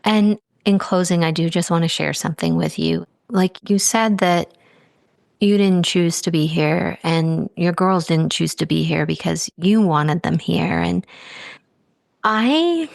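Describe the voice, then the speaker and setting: Low gravelly lady coach, soothing and affectionate, stretches her words, dry close sound. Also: no room sound. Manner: soothing, affectionate, drawn-out phrasing. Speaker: podcast host and spiritual coach. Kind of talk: gentle coaching conversation.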